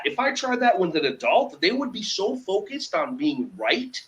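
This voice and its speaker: A man, a children's yoga teacher, talking as a guest in an animated conversational way, acting out quoted dialogue with emphasis. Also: high voice, normal speed, hardly any pauses, rough recording.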